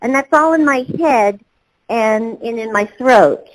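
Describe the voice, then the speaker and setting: Voice-actor guest, woman, fairly high voice, loose and rambling, lots of ums. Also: a little slow, rough recording. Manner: rambling, with many fillers and restarts. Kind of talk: interview answers.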